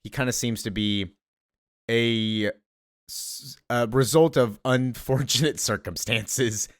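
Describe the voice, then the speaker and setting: A man's voice: mid-range voice, slow pace, no echo, clean studio sound. A man hosting a casual comic book recap in a chatty way, with lots of fillers. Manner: chatty, full of fillers and laughs.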